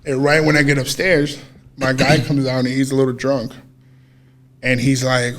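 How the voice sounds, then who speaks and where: A man co-hosting a podcast, casually telling a story in an animated way, swearing freely and acting out what people said. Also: mid-range voice, normal speed. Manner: animated, swears freely, acts out quoted dialogue. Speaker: podcast co-host.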